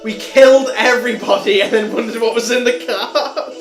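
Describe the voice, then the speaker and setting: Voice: mid-range voice, steady tone, normal speed. A tabletop game player who stammers, repeats words and laughs a lot. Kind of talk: casual tabletop game chat. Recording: roomy recording with faint music behind.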